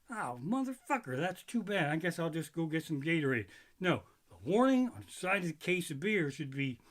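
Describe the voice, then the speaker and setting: Guy doing a sweary standup rant, kinda high voice, mocks people he quotes. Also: very animated, brisk. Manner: profane, ranting, mocking quoted voices. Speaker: stand-up comedian. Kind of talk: stand-up comedy routine.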